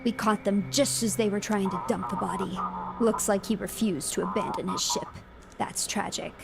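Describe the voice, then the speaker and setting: A gruff sea captain, put on by a woman, reporting over the radio in a lowered, terse, grim voice. The recording carries a clear layer of hiss. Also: fairly even intonation, moderate pace, close to an everyday voice.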